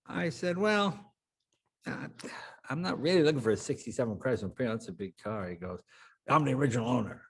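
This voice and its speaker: A man's voice: mid-range voice, slightly rough. An older man, a guest in an interview, telling anecdotes and acting out the voices of the people in them. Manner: animated anecdote teller, acts out quoted voices. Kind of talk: storytelling interview.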